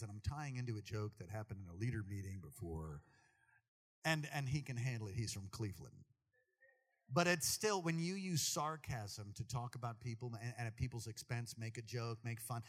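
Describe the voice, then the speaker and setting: A man preaching a sermon to a congregation, animated and jokey, talking straight to the people in the church. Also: mid-range voice, normal speed, long reverb tail. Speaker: pastor.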